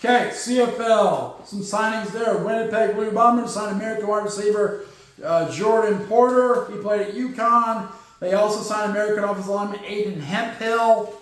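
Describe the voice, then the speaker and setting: A man hosting a football podcast, running through league news in quick bursts with lots of fillers and punchy asides. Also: high-pitched. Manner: rapid-fire, filler-heavy, punchy asides. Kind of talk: sports news rundown. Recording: very echoey room.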